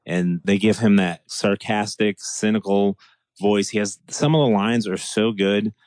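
A man's voice: lowish voice, steady tone, unhurried, darkish tone, dry recording. A man talking in a casual podcast chat, enthusiastic and rambling, with restarts and laughs.

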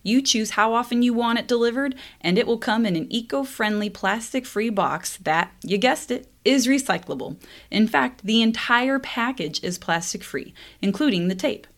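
A woman in her thirties hosting a podcast, hoarse and scratchy-throated from a cold, chatting casually and laughing often as she tells stories. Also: a little high, expressive, normal speed. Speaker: podcast host.

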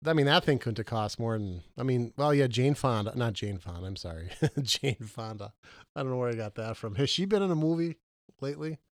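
A man co-hosting a casual movie podcast, questioning his partner and arguing his points with lively jumps in pitch. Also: quick pace, no room sound, studio quality. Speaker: podcast co-host.

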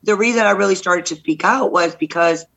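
A middle-aged woman from Texas, a guest candidate telling lively stories in a podcast interview and acting out the voices in them. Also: fairly low pitch, a little fast, vocal fry, poor audio. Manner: lively, acts out voices in anecdotes. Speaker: guest, state senate candidate. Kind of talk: animated storytelling in a podcast interview.

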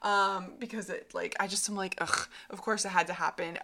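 A young woman co-hosts a podcast, telling stories in casual chat, acting out the quotes and laughing often. Her medium-pitched voice is pushed and bright, with a steady tone and moderate pace. There's slight background noise.

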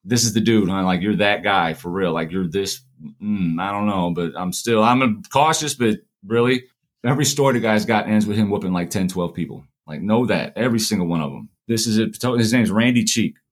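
A man's voice: on the low side, fairly quick. A man, likely in his forties, casually telling prison stories, acting out the dialogue and swearing freely. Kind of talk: casual storytelling.

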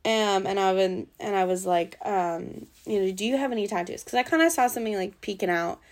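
In a medium-pitched, slightly mellow voice, a young woman speaks fairly quickly. She's from the US Pacific Northwest and, as a podcast guest, relays a bad date to the host in a rambling, casual story full of fillers and swearing.

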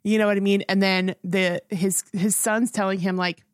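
A woman's voice: mid-range voice, steady tone, a little fast, hardly any pauses, no room sound, clean studio sound. A woman co-hosting a film review podcast, talking in an earnest, rambling way with many restarts. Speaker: podcast co-host. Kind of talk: casual film review chat.

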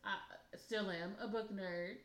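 A woman in casual conversation, relaxed and chatty, laughing easily while she tells stories. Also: medium pitch, slow, a crowd in the background. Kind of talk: casual chat. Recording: echoey room.

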